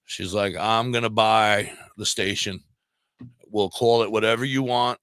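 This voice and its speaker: A lower-pitched man with a forceful, tense edge to his voice tells a story as a podcast guest. He slips into the voices of the people he quotes. The sound is dry and close, with no room echo. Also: unhurried, clean tone. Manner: animated, acts out quoted dialogue. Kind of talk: casual storytelling. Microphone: podcast microphone.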